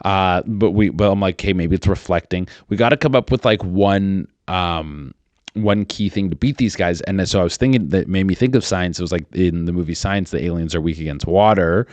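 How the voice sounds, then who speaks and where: Speaking into a studio microphone with no room sound, a man in his thirties hosts a podcast in a low, slightly mellow voice at an ordinary pace. He wanders crudely and profanely, restarting often and leaning on fillers.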